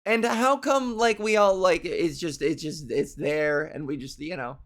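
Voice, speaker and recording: A woman in her thirties hosting a comedy show, rambling through a loose, profane monologue, laughing at her own jokes and putting on quick silly voices. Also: low-pitched. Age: 30s. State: hungover. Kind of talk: loose stand-up style monologue.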